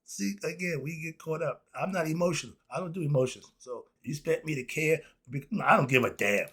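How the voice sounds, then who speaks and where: A man lecturing on history with passion and speaking. He swings between loud outbursts and low asides and laughs often. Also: a little fast, breathy edge.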